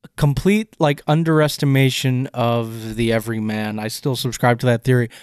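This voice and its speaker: A man's voice: medium pitch, steady tone, normal speed, a little mellow, clear, resonant tone, dry recording, clean studio sound. A man co-hosting a casual podcast, picking apart a film scene with enthusiastic, rambling analysis and frequent restarts. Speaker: podcast co-host.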